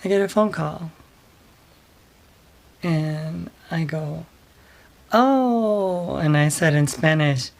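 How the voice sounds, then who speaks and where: A woman speaks slowly and softly, telling a personal story to her vlog audience. Her voice sits fairly low, and she hesitates often, filling her pauses with small fillers. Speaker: vlogger.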